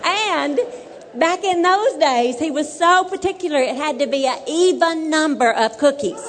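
Woman, high voice, animated storyteller, church talk, echoing hall. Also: unhurried, some chatter behind. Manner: animated storytelling, acts out dialogue, laughs often. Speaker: married couple speaker. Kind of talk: humorous sermon testimony.

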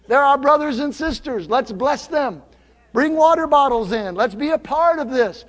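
High-voiced playful pastor in echoing hall. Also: male voice, expressive, normal speed, a bit bright. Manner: playful, teasing, upbeat. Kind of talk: sermon. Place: church sanctuary.

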